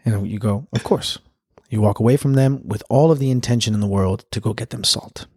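A man's voice: fairly low pitch, fast talker, slightly rough, dry recording, studio quality. A man co-hosting a casual podcast chat, telling stories from his job as a server and laughing often. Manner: storytelling, animated, laughs often. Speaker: podcast co-host.

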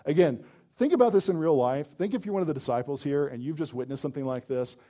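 A man's voice: fairly high pitch, quick pace. A man preaching a sermon as pastor, in a conversational way, often saying "like" and stressing points with energy. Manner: conversational, peppered with "like", animated emphasis.

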